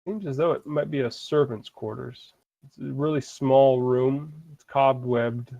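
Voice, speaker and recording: A man narrating as dungeon master over an online game, halting and full of fillers. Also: medium pitch, creaky, dark tone, no echo, highs cut off. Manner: hesitant, halting descriptions with many fillers.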